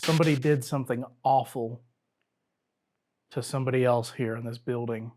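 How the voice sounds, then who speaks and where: A man leading a ghost hunt, asking unseen spirits slow, coaxing questions and dropping to a whisper now and then. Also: mid-range voice, steady tone. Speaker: paranormal investigator. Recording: noisy night recording.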